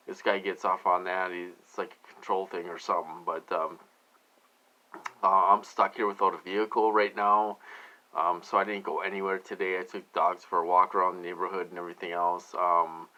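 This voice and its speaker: A man's voice: fairly low pitch, sharp tone, dull audio. A man talking to his viewers in a rambling casual monologue, full of fillers and "you guys" asides. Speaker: vlogger.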